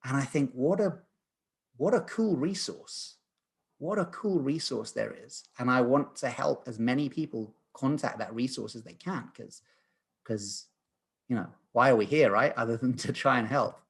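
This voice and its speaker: Husky man in his thirties, earnest. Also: mid-range voice, moderate pace. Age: 30s. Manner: earnest, animated, frequent restarts and filler. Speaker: guest. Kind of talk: storytelling in conversation.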